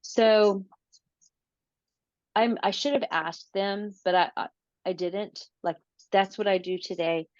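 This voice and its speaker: A woman guest in an interview, telling a personal story in a casual, animated way, often repeating words and acting out what she said. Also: mid-range voice, slow, pauses often, dry recording, highs cut off. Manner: animated, repeats words, acts out her own quotes.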